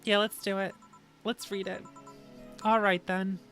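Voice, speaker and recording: A woman's voice: medium pitch, flat delivery, unhurried, a bit bright, faint music behind. A woman reading a visual novel's dialogue aloud on a stream, doing every part herself in a plain delivery.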